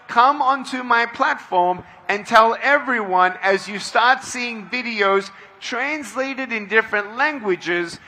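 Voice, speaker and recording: A middle-aged man giving a motivational speech to a large crowd at an outdoor event, leading call-and-response and often shouting. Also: high-pitched, a little hiss or hum. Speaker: motivational speaker.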